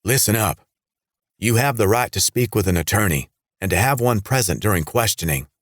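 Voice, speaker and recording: Man doing a gruff commanding cop. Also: on the low side, expressive, a little fast, dry recording, clean studio sound, voice pushed up. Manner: commanding, growling. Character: stern gruff male police sergeant.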